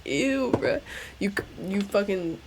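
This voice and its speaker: A young woman streaming a game, chatting casually in a crude, joking and excitable way. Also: medium pitch, takes it slowly, slight background noise. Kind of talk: casual gameplay stream chat.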